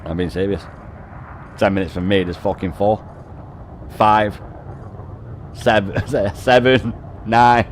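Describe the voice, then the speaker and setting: Sweary northern streamer. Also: male voice, fairly low pitch, fairly even intonation, takes it slowly, long pauses, slight background noise. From North West England. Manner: swears constantly, laughs often, banters with chat. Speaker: game streamer. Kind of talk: casual stream chat.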